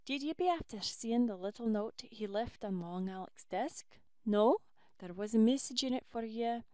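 A woman voicing a warm old Irish housekeeper, with an Irish accent and homely turns of speech. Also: fairly high pitch, expressive, normal speed, clear, resonant tone, dry recording, natural voice. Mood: comforting.

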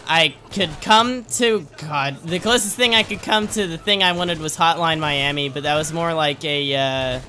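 A man's voice: on the high side, moderate pace, few pauses, pushed and bright, a little hiss or hum. A young man in his late teens giving jokey, rambling commentary while playing a game, often gasping and laughing. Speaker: gaming YouTuber. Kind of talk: let's play commentary.

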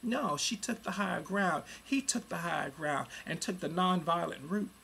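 40s person ranting at the webcam, rough gravelly voice, lots of cussing, goes loud then mutters low. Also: normal speed, slight background noise. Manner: profane and heated, swinging between loud outbursts and low muttering. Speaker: vlogger. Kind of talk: angry webcam rant. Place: at home in front of a computer.

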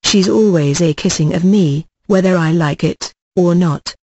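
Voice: medium pitch, measured pace, darkish tone, dry recording. A reader doing a whiny, tipsy young shop lad. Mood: blubbering. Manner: whiny, blubbering. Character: tipsy, sulky young male shop boy.

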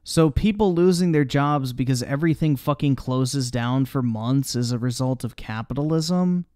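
A man's voice: mid-range voice, normal speed, darkish tone, no echo, studio quality. A man commenting on a video during a live stream, mocking it sarcastically with heavy swearing and reading viewer chat aloud.

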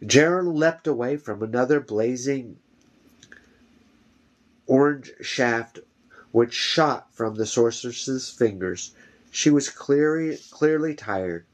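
A man reading a fantasy novel aloud at home, steady with small slips and corrections. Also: mid-range voice, slow. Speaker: reader.

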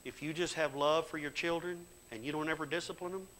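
A middle-aged man preaching a sermon in a church. He tells folksy stories in plain grammar and builds to loud, fervent exhortation. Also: on the high side, steady tone, quick pace, slight background noise, poor audio. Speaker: pastor. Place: church sanctuary.

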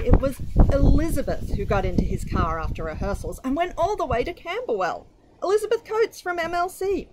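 A woman reads a short story aloud, voicing its terse diary entries with lively expression. Her voice sits at an ordinary middle pitch. A clear hiss and occasional clicks run under the recording. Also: normal speed. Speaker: reader.

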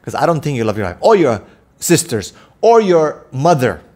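A man preaching with fire in his voice, scolding his audience and hammering home one rhetorical question after another. His voice sits at an ordinary middle pitch for a man, and he talks straight to the listener in an impassioned monologue. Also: sing-song, normal speed, darkish tone. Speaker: Islamic preacher and counselor.

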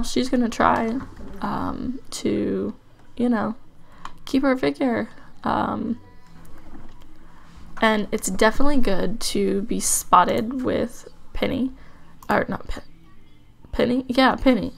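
A woman's voice: fairly high pitch, creaky. A woman giving casual gameplay commentary as a let's play host, chatty and musing aloud with frequent ums and likes.

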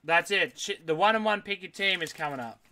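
A man with a bright, forceful voice running a live card break. He reads out names one after another and answers viewers' chat as he goes, in a slightly high register. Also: lively intonation, brisk. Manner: rattles off names, reacts aloud, chats with viewers. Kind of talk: live card-opening stream.

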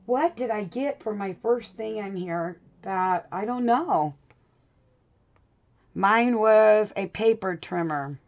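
A woman's voice: medium pitch, expressive, slow pace, creaky, a little mellow, dull audio. A middle-aged woman hosting a casual live chat from her home craft room, laughing often and talking to viewers by name. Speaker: craft channel host.

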